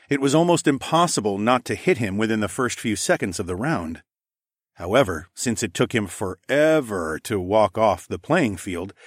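A man narrating a first-person fantasy audiobook, lively and casual, giving the characters their own voices. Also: medium pitch, no echo, clean studio sound.

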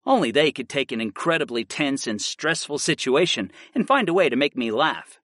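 Expressive male audiobook narrator. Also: mid-range voice, normal speed, few pauses, no room sound. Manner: expressive storytelling. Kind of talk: first-person fantasy audiobook narration.

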